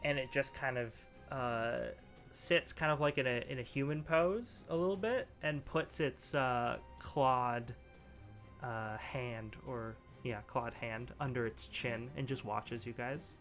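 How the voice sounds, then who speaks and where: A man narrating a tabletop game as game master, relaxed and laughing, with many fillers. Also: medium pitch, slow. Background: faint background music.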